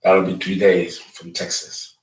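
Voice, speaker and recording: Low-voiced rambling male astrologer. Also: monotone, measured pace, rough recording. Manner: rambling, with many fillers and restarts. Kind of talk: casual lecture and phone call.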